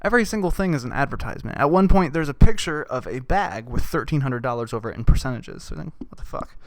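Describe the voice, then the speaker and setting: A man's voice: medium pitch, expressive, quick pace, dry recording. A man hosting a comedy podcast, ranting sarcastically with lots of swearing. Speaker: podcast host.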